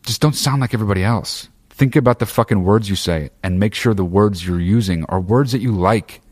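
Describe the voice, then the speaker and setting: A man's voice: lowish voice, fairly quick, slightly rough. A man talking to listeners in a casual monologue, profane and opinionated, rambling through fillers and restarts.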